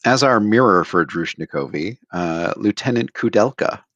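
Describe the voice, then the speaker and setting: A man's voice: fairly low pitch, animated, normal speed, fairly bright tone, no room sound, lo-fi sound. A man hosting a casual book podcast, leading the discussion with dry, wry asides. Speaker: podcast host.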